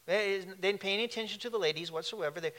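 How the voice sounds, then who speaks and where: Bright-voiced male pastor preaching casually. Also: sits high, quick pace. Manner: conversational preaching with asides to the congregation. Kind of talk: sermon.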